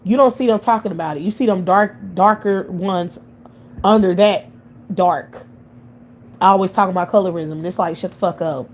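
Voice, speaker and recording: A woman's voice: fairly low pitch, normal speed, darkish tone, a little hiss or hum. A woman from the United States hosting a livestream and delivering a blunt, heated, profane monologue rant that circles back on itself. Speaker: livestream commentator.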